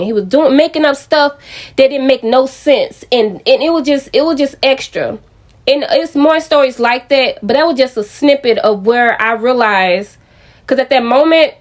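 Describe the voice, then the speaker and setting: A woman's voice: a little high, expressive, normal speed. Chatty young woman vlogging. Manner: chatty, addresses viewers directly, with frequent restarts. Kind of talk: casual storytelling to viewers.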